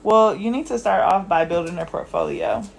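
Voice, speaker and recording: A woman chats on a livestream, blunt and teasing. Her voice sits low with a gravelly fry. There is a faint hum of noise behind her. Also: animated, moderate pace. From California. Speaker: hair braider livestreaming. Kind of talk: casual chat on a livestream. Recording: echoey room with faint background noise.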